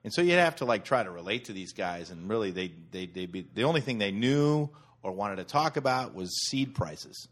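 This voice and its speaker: A man's voice: on the low side, animated, a little fast, few pauses. A man from Wisconsin telling stories in a casual chat, often laughing and acting out the people he quotes. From Wisconsin, USA. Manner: laughing storyteller who swears and acts out people he quotes. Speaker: storyteller in group chat.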